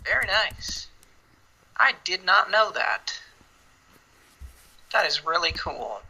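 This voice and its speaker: Bright, sarcastic man podcast co-host. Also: sits high, slow pace, husky, poor audio. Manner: sarcastic, joking, animated. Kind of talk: casual movie chat.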